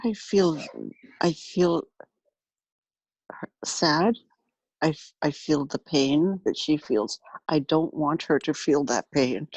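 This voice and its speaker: Middle-aged woman, workshop participant, halting emotional speech, husky, dry sound. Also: sits low, darkish tone, dry recording, lo-fi sound. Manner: emotional, halting, repeats herself.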